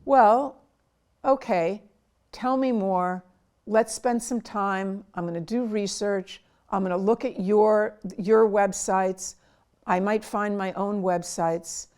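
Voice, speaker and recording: Slow-spoken earnest woman psychiatrist. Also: mid-range voice, a little mellow. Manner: slow, earnest, acts out quoted dialogue. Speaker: child psychiatrist. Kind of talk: interview answer, advice to parents.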